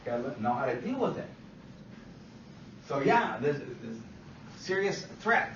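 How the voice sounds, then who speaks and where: A man's voice: medium pitch, very animated, measured pace, fairly bright tone, slight background noise. A man teaching a class, lecturing emphatically, repeating points and asking the students questions. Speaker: instructor. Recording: distant, echoey, dull classroom recording.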